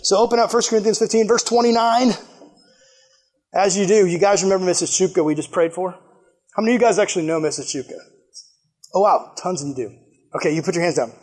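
A young man with a high, light voice gives a laid-back youth sermon. He tells the story in a loose, joking way and laughs at himself often. He talks like a casual storyteller at a church gathering. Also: fast, pauses often. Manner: animated, jokey, self-deprecating with frequent laughs. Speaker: youth pastor.

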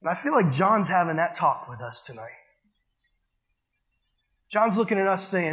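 A man with a notably high voice preaches to a church group. He talks in a loose, conversational way, filling his lines with "like" as he tells stories. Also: very animated, normal speed, pauses often, a bit bright. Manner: casual, conversational, heavy use of "like". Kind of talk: sermon with storytelling.

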